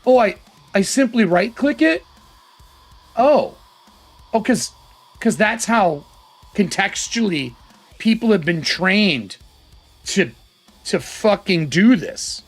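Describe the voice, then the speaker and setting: Male streamer, high and lively voice, excitable off-the-cuff chat with a soft guitar track behind. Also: takes it slowly, long pauses. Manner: excitable, thinking aloud, swears casually. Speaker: livestream host. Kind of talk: casual live-stream chat.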